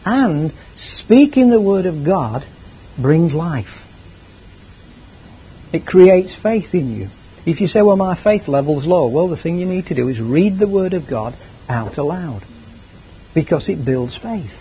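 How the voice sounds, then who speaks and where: A man's voice: on the high side, animated, measured pace, slightly rough. A man preaching a sermon in a chatty, conversational way, drifting into asides. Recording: dull lo-fi recording.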